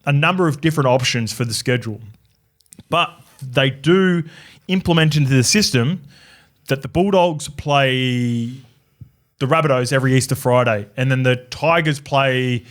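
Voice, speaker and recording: A man's voice: medium pitch, moderate pace. Swearing, rambling podcast host man. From New Zealand. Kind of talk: casual sports chat.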